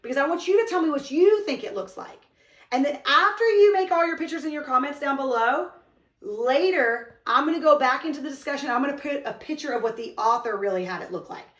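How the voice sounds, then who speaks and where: Lady teacher talking to little kids, high voice, kinda far from the mic in an echoey room. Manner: expressive, reads poem aloud slowly with emphasis. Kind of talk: online lesson for young children.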